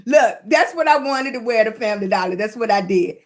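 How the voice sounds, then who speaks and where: A middle-aged woman hosts a casual livestream and chats with her viewers. Her voice sits high and she runs a little short of breath between phrases. She laughs often and greets people by name. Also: expressive, a little fast. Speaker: livestream host.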